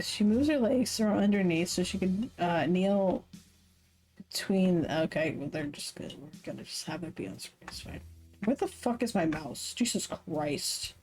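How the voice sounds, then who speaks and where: A woman's voice: fairly low pitch, a little mellow, rough recording. A woman streamer reading a visual novel aloud with live commentary, swearing casually, laughing often and correcting herself mid-sentence. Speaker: Twitch streamer.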